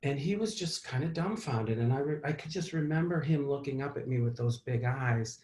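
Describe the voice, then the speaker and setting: A man's voice: medium pitch, normal speed, hardly any pauses, a little mellow, echoey room, a little hiss or hum. A man hosting a therapy talk, telling a personal story to his audience in a candid, reflective way with fillers and restarts.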